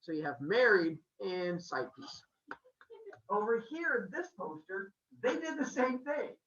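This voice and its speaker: A man casually retelling Greek myths in a jokey, animated way, pointing out posters in an indoor room. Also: sits high, a little slow. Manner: animated, jokey, uses 'like' for quotes. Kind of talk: casual comic myth retelling. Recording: echoey dull room sound.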